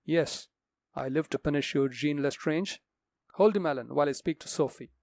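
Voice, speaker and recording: A man voicing a stern older gentleman who speaks solemnly and with authority. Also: a little high, moderate pace, creaky, no echo. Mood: commanding. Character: stern older man, a returned father figure.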